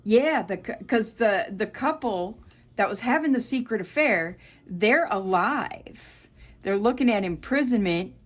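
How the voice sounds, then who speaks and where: Expressive and a little slow, this medium-pitched woman's voice carries a Southern US accent. Reading tarot alone, the American speaker is blunt and freely profane, addressing her audience as Collective.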